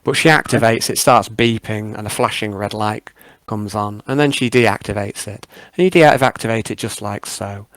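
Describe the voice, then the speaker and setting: A man running a tabletop role-playing session, narrating with a low, gravelly voice and plenty of hesitant pauses. The sound is dry and close to the mic. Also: fairly bright tone, dry recording. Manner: hesitant, full of ums. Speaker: game master.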